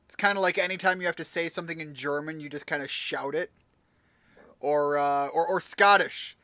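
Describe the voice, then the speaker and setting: A man's voice: fairly high pitch, steady tone, moderate pace, pushed and bright, dry recording. A man giving casual, rambling let's-play commentary while he plays a video game, joking and swearing now and then. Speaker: gamer playing a video game. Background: game music.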